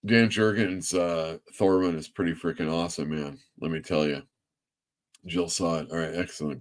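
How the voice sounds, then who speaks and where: A man's voice: deep voice, normal speed. A man hosting a livestream show as a comic shop owner, chatty and self-mocking. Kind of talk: casual livestream talk.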